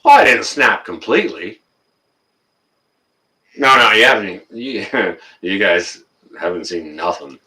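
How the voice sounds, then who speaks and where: A man chatting casually on a livestream, his voice swinging up and down as he rants and then calms to apologize. His tone is bright and sharp. He sits a little back from the microphone. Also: on the low side, a little slow, long pauses, distant mic. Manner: ranting, gets worked up then apologizes. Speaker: livestream host reading viewer comments.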